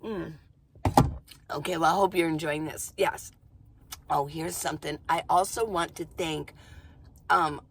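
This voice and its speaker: A woman vlogger talking casually to camera from inside her van, chatty and goofy, rambling fast and laughing often. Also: low-pitched, fairly even intonation, creaky, breathy edge. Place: inside a minivan.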